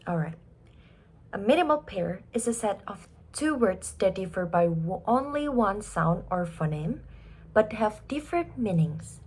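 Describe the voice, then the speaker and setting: A woman giving a class presentation, emphatic and expressive, dwelling on each example word. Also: mid-range voice, a little slow, husky. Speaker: student presenter.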